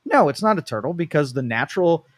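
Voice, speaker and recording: A man's voice: a little high, big pitch swings, quick pace, no room sound, clean studio sound. A man co-hosting a live talk show, thinking aloud at length and restarting his sentences as he explains his views. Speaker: co-host. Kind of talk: casual talk show discussion. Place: studio.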